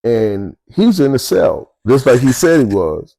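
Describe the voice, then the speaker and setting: A man's voice: medium pitch, sing-song, measured pace, creaky, mellow, poor audio. An older man with a Baltimore accent telling prison stories in a casual, streetwise, profane way, with chuckles between beats. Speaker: storyteller recounting prison life. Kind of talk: casual storytelling to camera.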